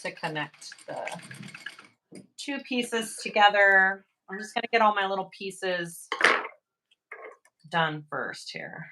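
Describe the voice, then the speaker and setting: A woman hosting a casual sewing livestream, upbeat and quick to praise, laughing often as she works. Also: mid-range voice, very animated, heavy background noise. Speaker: sewing channel host. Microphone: livestream camera mic.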